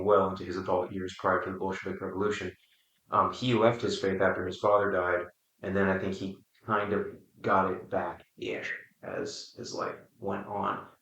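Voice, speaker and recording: Low steady guy running a book chat, bright edge to the voice, sounds far off in an echoey room. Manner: thoughtful, explanatory, pauses on fillers. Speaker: book study discussion leader. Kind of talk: casual group discussion. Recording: roomy, distant mic.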